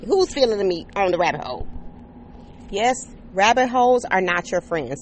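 With a voice on the high side, animated and at a measured pace, plus a little hiss or hum, a woman hosts a casual solo podcast. She's outdoors under an umbrella on a patio, a neighbor's air conditioner in the background, chatting upbeat and addressing listeners directly with many "okay?" and "right?".

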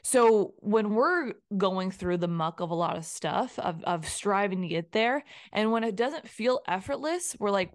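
A woman's voice: mid-range voice, expressive, a little slow, hardly any pauses. A woman hosting a podcast, speaking casually in a motivational solo talk and acting out inner voices with playful asides. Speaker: podcast host.

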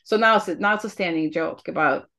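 A woman hosts a heartfelt podcast conversation in a fairly low voice. She speaks earnestly and reflectively, often restarting a thought before she finishes it. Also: brisk, vocal fry. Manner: earnest and reflective, with frequent restarts and soft laughs. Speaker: podcast host.

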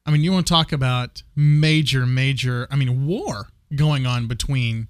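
A man's voice: medium pitch, moderate pace, dry recording, studio quality. A man in casual conversation, speaking with passion and emphasis, often repeating words as he builds a point. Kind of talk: casual faith discussion.

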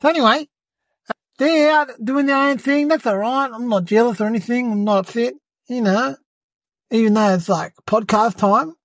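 This lightly acted comedic monologue features an adult as a young boy with his own podcast, bragging, rambling, fibbing and often saying "mate". The voice is mid-range at normal speed, with no room sound.

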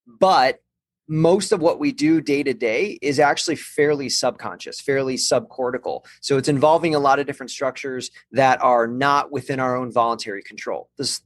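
A man's voice: mid-range voice, dry recording. Man explaining brain science conversationally. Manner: thoughtful, explanatory, frequent restarts and fillers. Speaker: guest expert on neuroscience and balance training.

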